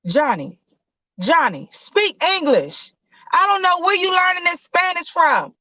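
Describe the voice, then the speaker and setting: A woman telling a story and voicing a hot-tempered father who yells and talks in slang. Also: very high-pitched, huge pitch swings, takes it slowly, no echo, pitched above the performer's own voice, full character voice. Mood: scolding. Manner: yelling, brash, slangy. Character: loud hot-tempered father, a grown man. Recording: dull lo-fi sound.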